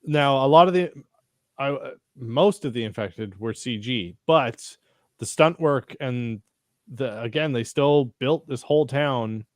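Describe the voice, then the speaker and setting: A man's voice: medium pitch, measured pace, no echo, clean studio sound. A man in casual chat, rambling with restarts and casual swearing. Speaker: podcast co-host. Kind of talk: casual chat about a TV episode.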